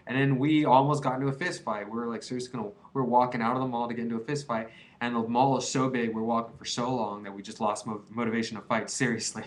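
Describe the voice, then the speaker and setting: A man's voice: medium pitch, fairly even intonation, fast. A man in his twenties giving rambling, earnest advice on quitting, repeating himself in casual slang. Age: 20s.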